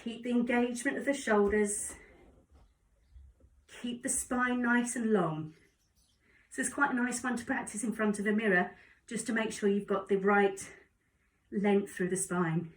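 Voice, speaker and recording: A woman calmly guiding a yoga class with encouraging cues. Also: mid-range voice, measured pace, pauses often. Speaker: yoga instructor. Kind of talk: guided exercise instruction. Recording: echoey room, distant mic.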